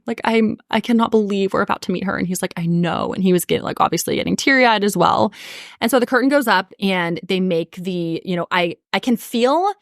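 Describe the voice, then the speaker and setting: A woman's voice: mid-range voice, fairly quick, no room sound, studio quality. A woman in her thirties telling a personal story on a podcast, earnest and emotional, with many casual fillers. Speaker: podcast host.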